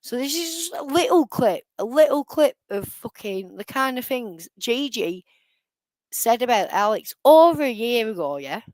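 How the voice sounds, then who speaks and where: Woman streamer, fuming, swears nonstop, higher voice, dry close sound. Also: big pitch swings, normal speed, darkish tone, no echo, rough recording. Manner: swears heavily, furious and ranting. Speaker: live streamer. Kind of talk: angry live-stream rant.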